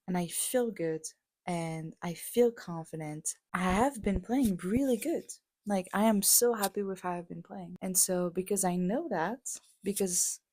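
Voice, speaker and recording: A woman's voice: fairly low pitch, darkish tone, dry recording. A young woman vlogging on a walk, talking candidly and rambling with lots of fillers and swearing. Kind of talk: casual vlog monologue. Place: outdoors on a walk.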